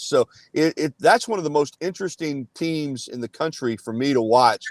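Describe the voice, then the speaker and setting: A man's voice: on the high side, lively intonation, moderate pace, no echo. Earnest man, dry close sound. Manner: earnest, filler-heavy analysis. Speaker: guest analyst. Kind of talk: casual sports talk.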